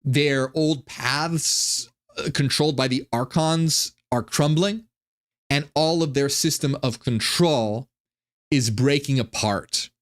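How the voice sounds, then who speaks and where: A man's voice: medium pitch, slow pace. A man hosting a channel, giving a rambling, profane monologue with many restarts. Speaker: channel host. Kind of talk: monologue commentary on ancient texts.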